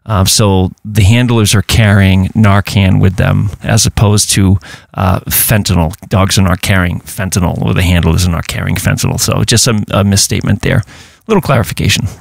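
A man's voice: low-pitched, fairly even intonation, normal speed, gravelly, no echo, studio quality. A man co-hosting a casual podcast, talking in an easygoing, chatty way with lots of fillers. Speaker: podcast co-host. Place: home podcast setup in New Hampshire.

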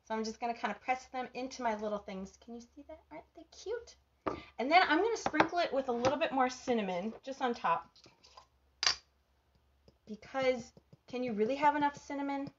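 Bubbly Minnesotan woman, live cooking host, highish voice, muffled lo-fi stream sound. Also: a little fast, long pauses, noisy background. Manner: bubbly, chatty, reads viewer comments aloud.

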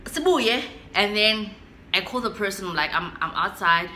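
This is a young woman with a South African accent, talking casually to her camera at home. Her voice sounds bright and forward. She tells a story in an animated way, slipping between English and isiXhosa, while a faint background hum sits under the recording. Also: medium pitch, a little slow, echoey room. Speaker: vlogger.

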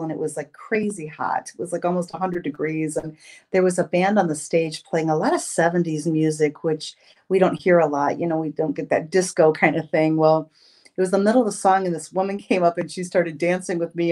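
Fifties woman, lowish voice, warm anecdotal podcast guest telling lively stories. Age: 50s. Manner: storytelling, expressive, with restarts. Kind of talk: casual interview chat.

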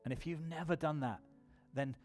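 Man, preacher, fairly high voice, personal testimony, emphatic appeals, church sermon. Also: normal speed, a little mellow, soft background music.

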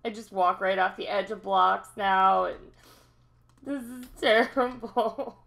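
Excitable gaming woman with a gravelly edge. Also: medium pitch, slow. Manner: excitable, talks to herself, laughs often. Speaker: gaming channel host. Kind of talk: let's-play commentary.

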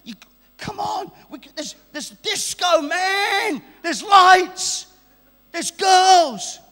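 A man's voice: extremely high pitch, expressive, very slow, sharp tone, raised voice, big-room sound, pitched above the performer's own voice, full character voice. A man putting on the voice of a pushy young friend urging him to go out partying. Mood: coaxing. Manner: coaxing, urging.

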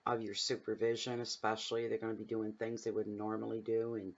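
A man's voice: fairly low pitch, monotone, a little fast, dull audio. A man giving a casual tarot reading at home, talking in a rambling, chatty way that drifts into personal stories. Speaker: tarot reader. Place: home room at night, windows open.

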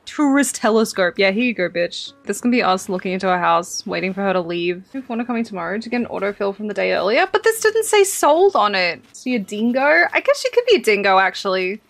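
A young Australian woman chatting over a game as a streamer, excitable, swearing freely and laughing often. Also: medium pitch, fast, vocal fry, hardly any pauses. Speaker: gaming streamer. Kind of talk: casual game commentary.

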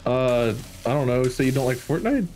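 A man's voice: medium pitch, lively intonation, moderate pace, darkish tone, a little hiss or hum. A man playing a co-op survival game, chatting casually with goofy, playful bits. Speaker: co-op gaming streamer. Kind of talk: casual gameplay chat.

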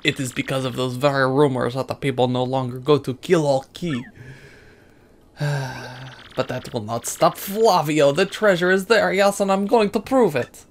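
Voicing characters in a let's play, a man takes on a vain, pompous rich trader with a heavily exaggerated fake French accent, grand and theatrical. His voice is on the high side, at normal speed, and only lightly acted.

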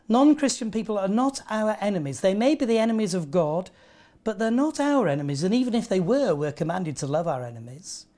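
A man from England, preaching a sermon in an earnest way and telling stories with lively asides. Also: a little high. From northern England.

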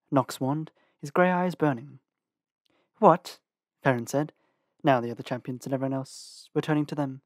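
Expressive male audiobook reader. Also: no echo, studio quality. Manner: expressive reading, lively shifts in pitch. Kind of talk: audiobook narration.

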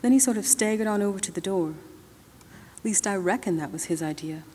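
A woman's voice: mid-range voice, brisk, mellow, slight background noise. A woman author reading her novel aloud at an awards ceremony, narrating in the first person in a loose, drawling colloquial voice into a podium microphone in a large hall. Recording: long-reverb hall.

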